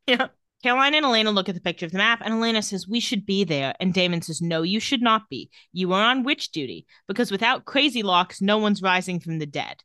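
Bright-voiced woman recapping a show. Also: medium pitch, animated, fast talker, no echo, clean studio sound. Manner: reads out dialogue with wry asides. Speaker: podcast co-host. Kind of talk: casual episode recap.

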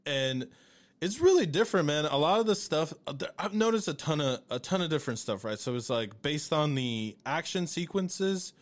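A man's voice: fairly high pitch, lively intonation, moderate pace. A man in casual podcast chat who rambles through his thoughts, swearing casually. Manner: rambling, many fillers and restarts, swears casually.

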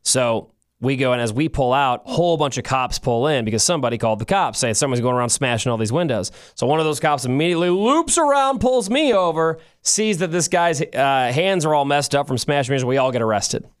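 A man's voice: mid-range voice, fairly quick, clear, resonant tone. A man co-hosting a podcast, telling a long story in a casual, rambling way and correcting himself as he goes. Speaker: podcast co-host.

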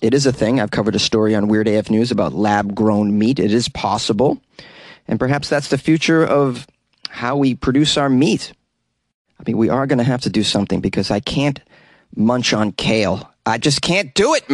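A man hosts a comedy news show, reading each story and then riffing on it with jokey asides. His voice sits at an ordinary middle pitch. The sound is dry and close to the mic, with no room around it. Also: moderate pace, dry recording.

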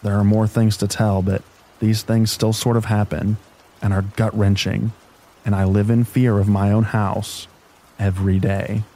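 Calm low-voiced man reading scary stories. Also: unhurried, poor audio. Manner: calm, even sleep-story reading. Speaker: narrator. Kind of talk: scripted narration of scary stories. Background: rain.

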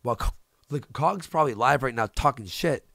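A man's voice: mid-range voice, expressive, moderate pace, gravelly, fairly bright tone, no room sound, clean studio sound. A man, a streamer hosting the show, ranting in heated casual chat, profane and repeating himself. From Canada. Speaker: streamer host.

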